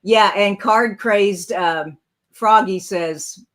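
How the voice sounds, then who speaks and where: A woman's voice: mid-range voice, very slow, a bit bright. A woman, chatting loosely as she talks through a craft project on a live stream. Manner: chatty, rambling, thinks aloud while working. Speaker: crafting channel host.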